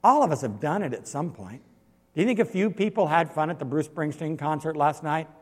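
A man preaching a sermon as pastor, swinging from loud exhortation to quiet storytelling. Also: a little high, lively intonation, brisk. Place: church sanctuary. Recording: long reverb of a large hall.

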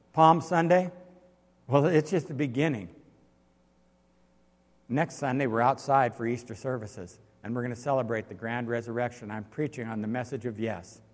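A man preaching a sermon as pastor, swinging from loud exhortation to quiet storytelling. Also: mid-range voice. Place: church sanctuary. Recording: long reverb of a large hall.

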